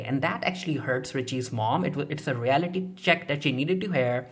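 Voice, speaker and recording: Chatty TV recap reviewer, mid-pitched voice. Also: brisk, few pauses. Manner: chatty, frequent fillers and restarts, retells scenes through quoted dialogue. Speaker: TV show reviewer. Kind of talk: casual spoken episode recap.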